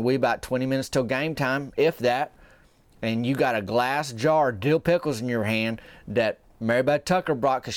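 A man's voice: mid-range voice, smooth, no room sound. A man telling a folksy comic story in a rambling, drawling small-town gossip manner. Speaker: comedic podcast host.

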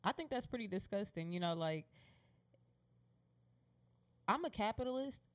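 An American woman co-hosting a relaxed talk show, chatty and teasing, laughing easily between points. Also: medium pitch, moderate pace. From United States. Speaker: podcast co-host. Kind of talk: casual chat.

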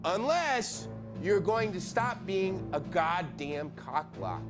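A man's voice: high voice, sing-song, slow pace, heavily acted. An actor playing a furious young woman sorority officer who rants and swears in a dramatic reading over music. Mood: screaming. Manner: profane, seething, building to screaming. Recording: loud music under the voice.

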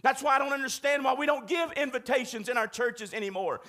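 A male pastor with a strikingly high, bright voice delivers an urgent, emphatic sermon in a church. He presses his points again and again and keeps calling out to the congregation for a response. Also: steady tone, fast. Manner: emphatic preaching, urgent and repetitive, calls out to congregation.

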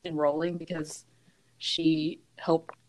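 Slow-talking woman, amused and easygoing. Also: deep voice, flat delivery. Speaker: podcast co-host. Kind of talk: casual chat.

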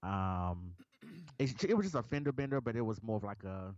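A man co-hosting a podcast, telling stories in an animated, casual way and swearing freely. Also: lowish voice, moderate pace, dry recording. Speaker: podcast co-host. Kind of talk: casual chat. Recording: dull lo-fi dry recording.

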